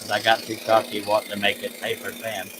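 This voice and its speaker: A man who is a live-stream host and artist chats casually while working, easygoing and self-mocking, with frequent chuckles. His fairly low voice is completely flat and quick, against a noisy background.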